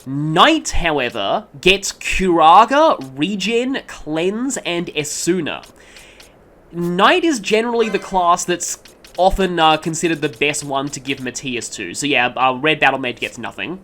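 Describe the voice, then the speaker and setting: A man's voice: on the high side, animated, a little slow, sharp tone. A man giving casual gameplay commentary, rambling along with frequent ums and stopping to correct himself mid-sentence. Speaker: let's play commentator.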